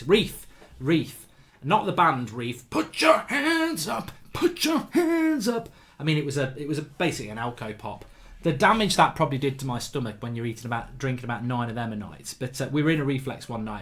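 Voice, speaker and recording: A man's voice: medium pitch, fast, a bit bright. A man, hosting a casual livestream chat and telling rambling anecdotes full of restarts. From England. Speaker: show host.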